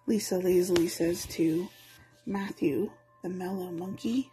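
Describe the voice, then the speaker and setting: A woman reads a children's alphabet storybook aloud, expressive and playful. Her pace is slow and her voice is mellow and warm. Soft music plays faintly behind her. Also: lowish voice, breathy edge, low-quality recording.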